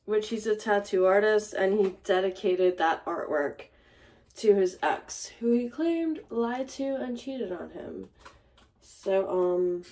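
A woman's voice: medium pitch, takes it slowly, darkish tone. A young woman venting in a casual home vlog, angry and swearing, with many fillers. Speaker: vlogger. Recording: audible background noise.

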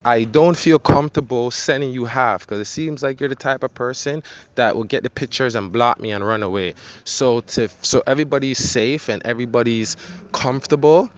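A man's voice: mid-range voice, moderate pace. A man, a photographer, ranting insistently and pleading over and over in a voice note. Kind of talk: heated voice-note rant.

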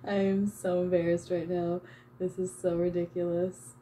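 A woman's voice: lowish voice, warm tone, a little hiss or hum. A woman chatting casually while she paints, self-mocking and embarrassed, giggling and swearing freely. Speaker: channeler and vlogger.

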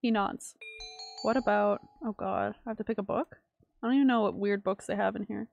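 A woman streamer reading a visual novel aloud and reacting with sudden excited exclamations. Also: medium pitch, brisk, vocal fry, lo-fi sound, soft background music. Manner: reads game text aloud, breaks into excited exclamations.

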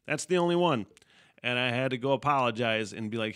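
A man's voice: mid-range voice, expressive, a little fast, fairly bright tone, clean tone. A man hosting a casual solo podcast, rambling and swearing freely, often laughing mid-sentence. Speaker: podcast host.

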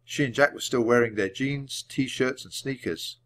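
A man reading a children's chapter book aloud, clearly and deliberately, for language learners. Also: mid-range voice, fairly bright tone, a little hiss or hum. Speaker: storybook reader. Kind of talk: storybook read-aloud.

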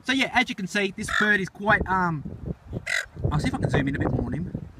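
A man giving excitable running commentary on camera while feeding birds outdoors, often exclaiming and repeating himself. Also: high voice, fairly quick. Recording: noisy outdoor recording with birds.

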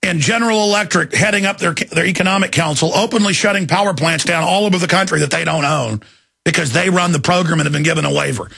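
Gravelly raspy man ranting on radio. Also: fairly high pitch. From Texas. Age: 30s. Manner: angry, shouting, rapid tirades. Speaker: radio host. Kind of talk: ranting talk radio monologue.

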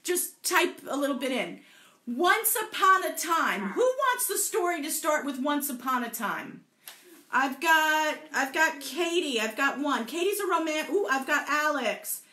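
A playful woman runs a live group storytelling session in an indoor room that's also streamed to Facebook, cheering on participants and joking about tongue twisters. Her high, expressive voice is a little slow, pushed and bright, and the sound is reverberant.

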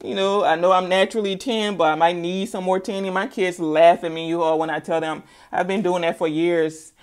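A woman's voice: lowish voice, steady tone, brisk. Woman tarot reader, middle-aged, casual sassy delivery with teasing asides and emphatic repetition.

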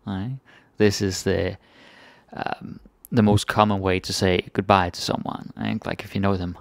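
A young man with a Danish accent teaches a relaxed language lesson, repeating each word slowly for learners. His voice is low and gravelly, and he talks at an unhurried pace. The recording is dry and close. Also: no room sound.

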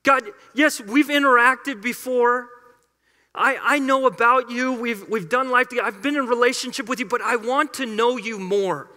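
A man's voice: extremely high pitch, moderate pace, pushed and bright, big-room sound, full character voice. A man voicing a humble, desperate prophet who begs and pleads urgently. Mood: yearning. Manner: begging, urgent.

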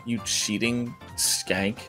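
A man's voice: medium pitch, fairly even intonation, drawn-out words, bright, forceful tone, faint music behind. A young man chatting while gaming, dry and playful, joining in mock-formal bits with a friend. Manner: dry, plays along with mock formal lines. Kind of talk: casual gaming chat.

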